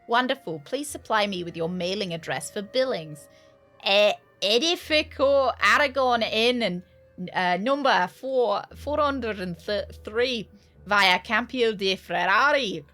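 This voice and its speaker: A stiff, courteous gentleman from a mystery game's chess log, voiced by a woman streamer. He speaks slowly and formally. His pitch sits in the middle range. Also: expressive, faint music behind.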